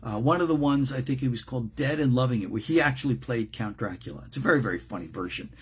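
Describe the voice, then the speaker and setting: Speaking fast in a raspy, mid-range voice, an older rabbi leads an informal religious class. He jokes, stays animated and drifts into frequent asides.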